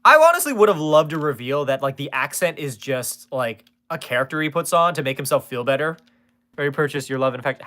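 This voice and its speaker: Lively, bright-voiced male streamer. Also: a little high. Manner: rambling, swears freely, jokey asides to chat. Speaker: streamer answering chat. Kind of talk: casual live-stream chat.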